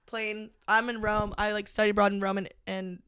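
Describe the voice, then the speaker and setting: A young woman, a podcast guest, recounting a personal story in casual conversation, halting and full of "like". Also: medium pitch, little pitch movement, a bit bright, clear, resonant tone, no room sound, studio quality. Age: young adult. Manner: halting, heavy use of "like", emotional retelling.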